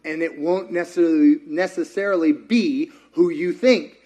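High-voiced preaching pastor, man. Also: moderate pace. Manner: animated, acts out quotes, jokes with co-speaker. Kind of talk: sermon.

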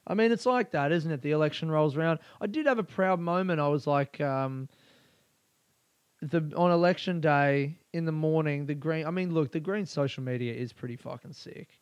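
A young Australian man rambles through his solo podcast, swearing freely and drifting from one thing to the next. His voice sits a little high and comes across smooth and clean. The sound is dry and close, with no room around it. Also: moderate pace, no echo, highs cut off. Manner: crude, profane and rambling. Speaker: podcast host. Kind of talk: solo casual podcast monologue.

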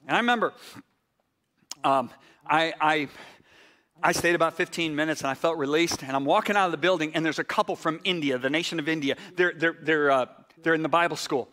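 A male pastor telling a story in a sermon. He swings from excited outbursts to hushed tones and restarts his words when worked up. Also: on the high side, fairly quick.

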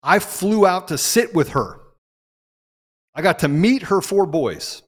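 A man hosting a political talk show, speaking in an impassioned monologue that swings from loud peaks to low asides. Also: expressive, slow pace, big-room sound. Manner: emphatic, rising to loud peaks and dropping low. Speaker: podcast host.

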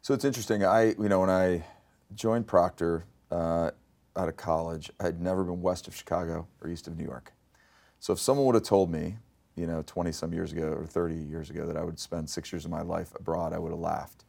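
A man's voice: low-pitched, vocal fry. A man in his fifties, a company CEO, telling stories in a business interview and acting out the dialogue. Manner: animated storyteller, acts out quoted dialogue.

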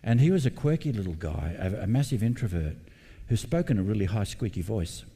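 A man's voice: lowish voice, very animated, brisk, dark tone, breathy edge, in a large hall. A middle-aged man preaching a sermon as pastor, earnest and personal, repeating his key points for emphasis. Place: church building.

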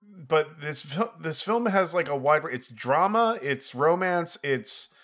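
A man co-hosting a casual movie review podcast, relaxed and wry, laughing along with his partner. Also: a little high, slow pace. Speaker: podcast co-host.

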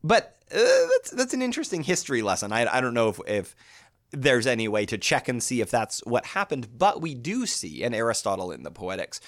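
Thinking out loud with small restarts, a man in his thirties teaches a poetry lecture as a literature teacher. His medium-pitched voice is brisk, and his manner is animated and thoughtful.

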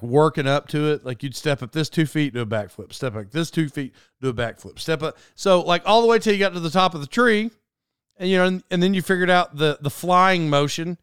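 Middle-aged male podcast host, fairly high smooth voice, dry close sound, rambling casual storyteller. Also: no room sound. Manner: rambling, animated, laughs at his own story.

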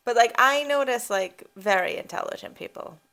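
A young woman co-hosting a podcast, chatting casually and softly. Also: a little high, moderate pace. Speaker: podcast co-host. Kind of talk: casual chat.

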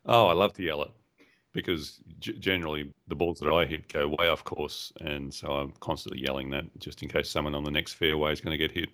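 Deep-voiced man co-hosting over a call. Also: fairly even intonation, a little fast, a bit bright. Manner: playful, teasing, chatty. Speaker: podcast co-host. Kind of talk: casual chat. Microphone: remote call line.

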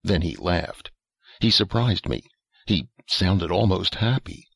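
A man narrating a first-person story in a plain, measured, matter-of-fact way. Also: deep voice, lively intonation, vocal fry, husky, no echo.

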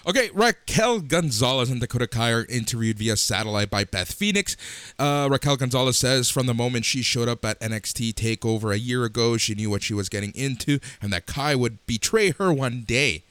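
A man's voice: medium pitch, fairly bright tone, smooth, no room sound. Dry-sounding man recapping wrestling. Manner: brisk recap, plain-spoken. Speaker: podcast host.

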